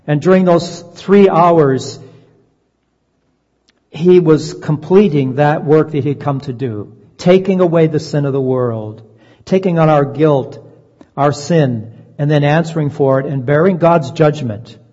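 Guy preaching a sermon, earnest and slow on the big words, long echo hanging in a big hall. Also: fairly high pitch, mellow. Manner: earnest, slows down to stress key phrases. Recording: dull lo-fi sound, long reverb.

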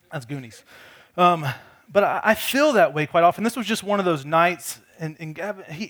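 A man's voice: a little high, a bit bright. A man preaching a conversational sermon, telling a personal story earnestly and often repeating words as he restarts his sentences. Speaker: pastor.

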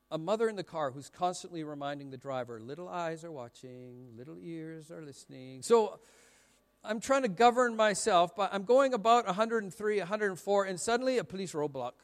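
A middle-aged pastor delivers a light, joking sermon, spinning anecdotes in a loose, self-mocking way. His voice sits high for a man. The sound trails off in the long reverb of a large hall. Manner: chatty, self-mocking storytelling with frequent laughs. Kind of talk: humorous sermon.

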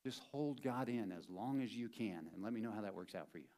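Male pastor, sermon, fairly low voice, chatty, playful, repeats points for emphasis. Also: expressive, a little fast, dark tone. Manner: conversational and playful, with emphatic repetition.

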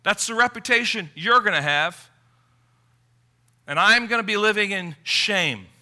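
A man preaching a sermon, emphatic, moving from quiet reflection to forceful appeals. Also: sits high, animated, measured pace.

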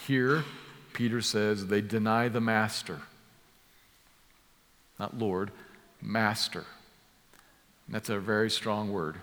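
A man's voice: lowish voice, steady tone, slow, pauses often, fairly bright tone. A man preaching an expository sermon, explaining a passage in an emphatic way and repeating key words for stress. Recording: long hall reverb.

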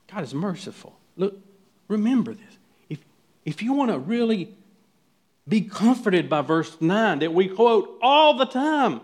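A pastor preaching a sermon, swinging from quiet, hushed statements to loud, pleading questions to the congregation. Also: male voice, sits high, big pitch swings, measured pace.

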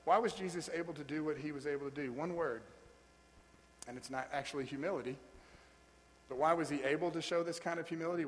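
Man preaching in a reverberant hall. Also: medium pitch. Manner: emphatic preaching that builds to loud, stressed peaks. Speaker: pastor. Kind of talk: sermon.

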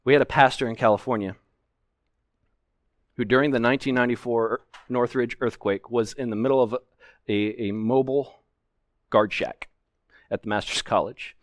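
A man's voice: mid-range voice, fairly even intonation, normal speed, long pauses, no echo, studio quality. A man preaching a sermon from a pulpit, explaining scripture earnestly and with emphasis. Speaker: pastor. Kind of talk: expository sermon. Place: church sanctuary, at a pulpit.

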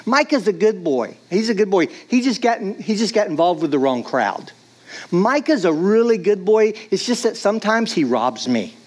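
A man's voice: sits high, very animated, moderate pace, a little mellow. A man putting on the voice of a doting mother who keeps excusing her grown son. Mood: pleading. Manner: fussy, pleading, making excuses.

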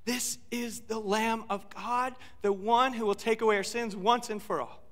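Pastor guy preaching, high bright voice, acts out the quotes, lots of questions at the crowd. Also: moderate pace, big-room sound. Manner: animated, acts out quotes, asks rhetorical questions. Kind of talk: sermon.

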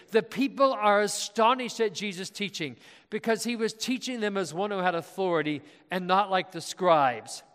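A male pastor with a high voice delivers a sermon in a large church, his words trailing off into a long reverb. He keeps putting questions to the congregation and stressing the words he wants them to notice. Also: fairly bright tone.

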